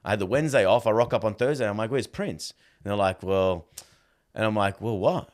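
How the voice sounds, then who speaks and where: Guy in his thirties, very deep voice, chatty guest who re-enacts conversations, lots of "bro". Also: quick pace. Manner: animated, acts out dialogue, fills with "like" and "bro". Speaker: podcast guest. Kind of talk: casual storytelling.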